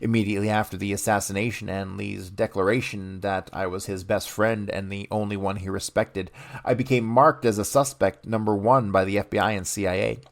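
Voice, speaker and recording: A man's voice: fairly low pitch, steady tone, a little fast, vocal fry. A man reading a book aloud on a podcast, stopping now and then to comment bluntly.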